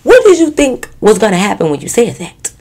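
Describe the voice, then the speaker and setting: A young woman vlogger telling a casual story in an animated, profane way, keeps breaking into laughter. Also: fairly high pitch, brisk, husky. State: giggly.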